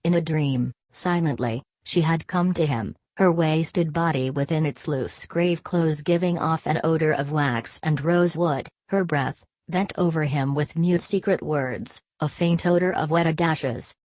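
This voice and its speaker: A woman narrating a literary audiobook with a measured reading. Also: low voice, darkish tone, dry recording. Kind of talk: scripted narration.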